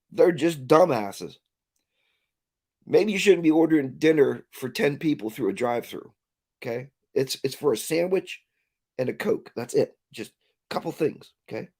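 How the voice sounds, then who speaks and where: A man's voice: fairly high pitch, a little mellow, husky. A man hosting a casual livestream, ranting and reading viewer comments aloud. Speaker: livestream host.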